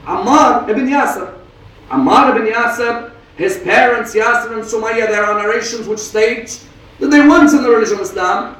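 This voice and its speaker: High-voiced man preaching in an echoey hall. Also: a bit bright, distant mic. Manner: dramatic retelling with quoted dialogue. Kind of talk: sermon storytelling.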